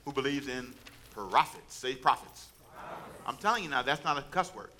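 A man's voice: medium pitch, lively intonation, moderate pace, pushed and bright, slight background noise. A man preaching a sermon as pastor, talking in a conversational way with asides to the congregation.

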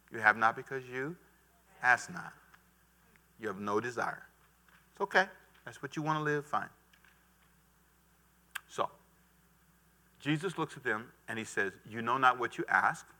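A middle-aged man preaching a lively sermon as pastor, calling on the congregation to repeat after him. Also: mid-range voice. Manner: animated preaching with call-and-response to the congregation.

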